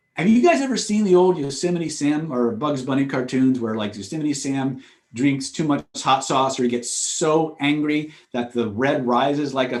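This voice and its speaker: A man giving a live seminar on influence, telling stories in an emphatic, repetitive way. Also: medium pitch. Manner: animated, emphatic, repetitive phrasing. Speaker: influence trainer. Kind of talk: live seminar talk with storytelling. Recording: echoey room.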